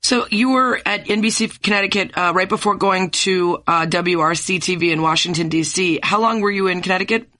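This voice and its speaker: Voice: mid-range voice, brisk, hardly any pauses, pushed and bright. An interviewer asking prepared questions and giving brief affirmations.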